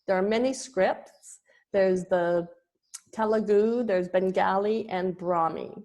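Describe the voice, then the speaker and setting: Female yoga teacher, lecturing slowly, halting with ums and restarts. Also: mid-range voice, mellow, highs cut off. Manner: hesitant, with frequent ums and restarts. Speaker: yoga teacher giving a presentation. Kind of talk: slow spoken lecture with pauses.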